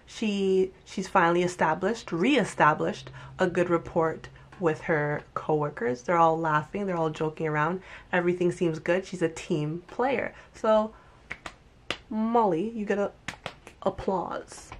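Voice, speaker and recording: A young woman talking casually into the camera, her voice sitting a little low. She recaps a show in a chatty, lively way and slips into exaggerated voices for quoted lines. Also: a little slow. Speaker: TV recap vlogger. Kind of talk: casual commentary.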